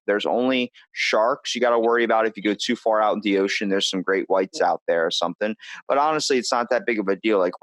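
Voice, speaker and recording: A man's voice: lowish voice, no room sound. An American man hosting a podcast, telling stories animatedly, acting out the people he quotes and swearing casually. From US East Coast. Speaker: podcast host.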